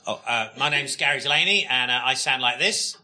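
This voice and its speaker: A man, a comedian on a panel, delivering deadpan one-liners on a live comedy stage. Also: mid-range voice, brisk, soft background music. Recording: live club recording with loud noise.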